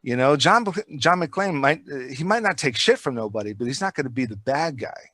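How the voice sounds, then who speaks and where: A man's voice: medium pitch, a little fast, no room sound. A man chatting casually on a podcast, telling rambling, profane stories with lots of energy. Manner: rambling, profane, animated storytelling.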